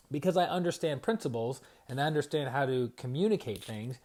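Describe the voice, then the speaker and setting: A man's voice: fairly high pitch, brisk, few pauses, a little mellow. A middle-aged man, a spiritual coach and energy healer, speaking in a live-streamed motivational talk. He talks in a conversational way and keeps checking in with his listeners by asking "right?". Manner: conversational, repeats "right?" often.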